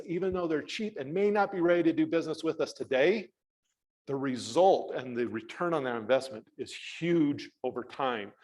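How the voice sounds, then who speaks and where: A man's voice: on the high side, poor audio. Upbeat man telling a coaching story. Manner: animated, acts out dialogue in the story; self-deprecating humor, laughs at himself. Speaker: real estate coach. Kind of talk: training talk with storytelling.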